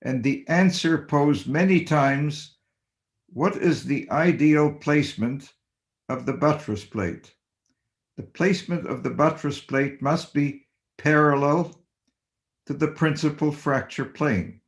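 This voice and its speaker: An older man, a surgeon, giving a measured, deliberate webinar lecture and stressing basic principles. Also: a little high. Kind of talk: slow academic lecture. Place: home or office on webinar.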